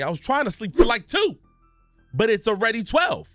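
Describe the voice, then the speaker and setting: A man's voice: extremely high pitch, very animated, normal speed, a bit bright, no room sound, soft background music. A man, a gaming streamer, giving ranting news commentary in a profane, storytelling way with exaggerated reactions.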